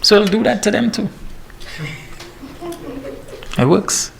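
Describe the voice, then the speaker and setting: A man in his thirties, a fitness trainer giving a lively, joking talk to parents. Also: high voice, slow, creaky. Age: 30s. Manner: lively and joking, laughs at himself. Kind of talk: presentation to parents.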